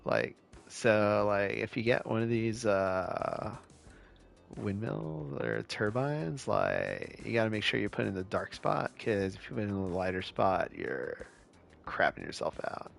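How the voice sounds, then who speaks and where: A man from California talks his way through a live game stream, relaxed and chatty as he answers viewers. His voice sits low and gravelly, and he takes his time with every phrase. Quiet music plays underneath. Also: a little slow. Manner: laid-back, chatty, answers chat questions. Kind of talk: casual live-stream commentary while playing.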